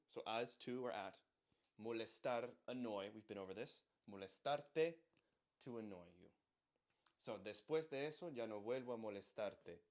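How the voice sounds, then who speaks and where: Patient man teaching song lyrics. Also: lowish voice. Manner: patient, repeats words and checks in with "right?". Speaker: language teacher. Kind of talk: explaining song lyrics line by line.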